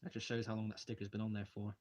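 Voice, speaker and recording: A man's voice: on the low side, monotone, racing, darkish tone. A young man hosting a casual livestream, rambling as he takes brick models apart and reads out viewer questions. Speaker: channel host live streaming a brick-model build. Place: home hobby room, taking models apart at a desk.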